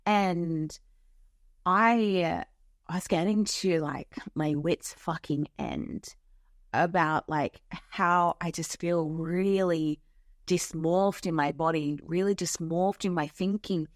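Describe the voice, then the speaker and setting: A woman with a somewhat low voice hosts her own podcast, speaking as a spiritual coach in a loose, unscripted monologue. She talks frankly, swears freely and leans on filler words. The sound is dry and close, from a home office. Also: slow, dry recording. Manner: frank and profane, lots of "like" fillers.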